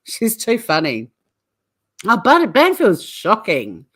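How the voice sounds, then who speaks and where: A woman's voice: mid-range voice, huge pitch swings, slow, fairly bright tone, slightly rough. Blunt, opinionated woman streamer. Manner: opinionated, blunt, swears freely; rambling, reacts to live chat. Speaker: true crime channel host. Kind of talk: casual livestream commentary.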